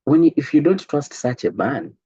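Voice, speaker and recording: A man coaching a group on business, in an animated, preachy way that stumbles and repeats words, heard over an online call. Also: on the high side, normal speed, husky, highs cut off. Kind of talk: motivational talk to a group.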